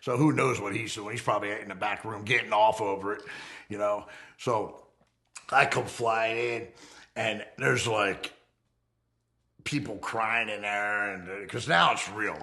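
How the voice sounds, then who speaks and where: A middle-aged man in a documentary interview, telling his own story bluntly, full of profanity, and acting out heated confrontations. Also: unhurried. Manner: profane, blunt, re-enacts heated confrontations with swings in pitch and loudness. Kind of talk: unfiltered storytelling in a fireside chat.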